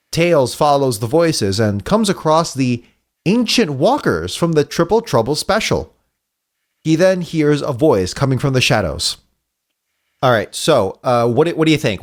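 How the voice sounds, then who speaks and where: A man's voice: a little high, big pitch swings, unhurried. A man co-hosting a casual podcast, reading a comic aloud and joking around in a laid-back way.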